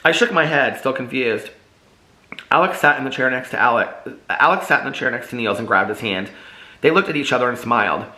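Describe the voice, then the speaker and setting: A man's voice: medium pitch, animated, a little fast, sharp tone, roomy sound, low-quality recording. A man reading his own novel aloud in first person, earnest and emotional.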